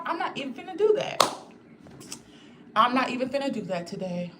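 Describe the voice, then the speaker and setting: A young woman talking casually to her viewers, candid and lively, full of "like" and "y'all". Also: a little high, slight background noise. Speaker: spiritual content creator. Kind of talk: casual livestream chat.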